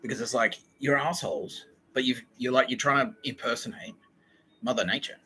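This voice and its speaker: A young man hosting a podcast, rambling through a profane, excitable solo monologue that jumps from idea to idea. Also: mid-range voice, a little hiss or hum, poor audio. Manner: profane, excitable, fast-shifting and digressive. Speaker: podcast host.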